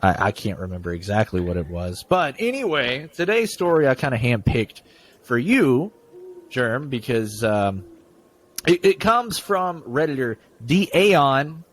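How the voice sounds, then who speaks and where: Male podcast host, chatty, stammers, reads stories aloud; animated delivery. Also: mid-range voice, a little slow. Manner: stammering, repeats words. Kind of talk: casual chat and story reading.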